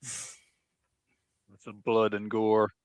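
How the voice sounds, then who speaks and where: Low, smooth-voiced man with dry quips. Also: completely flat delivery, very slow, dry recording. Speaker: podcast co-host. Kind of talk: casual chat. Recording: dry, slightly muffled mic.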